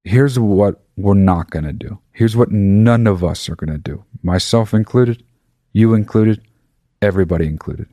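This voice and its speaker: Profane, emphatic man with a low voice. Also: moderate pace, dark tone, no room sound. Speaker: podcast host. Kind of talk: casual monologue.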